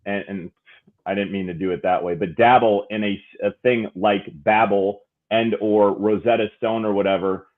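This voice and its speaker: A man's voice: on the low side, steady tone, normal speed, narrow, tinny audio. A man who is an aspiring amateur play-by-play announcer asks a guest a long question, rambling and searching for his words. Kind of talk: asking a question on a talk show.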